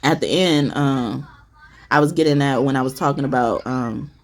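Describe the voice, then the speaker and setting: A woman's voice: rumbling low, moderate pace. A woman gives a spiritual tarot reading in a loose, chatty way. She is blunt and emphatic, swears without a second thought, and keeps tossing "okay?" at her listeners. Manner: loose and chatty with many fillers. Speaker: tarot reader. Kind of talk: casual spiritual reading chat.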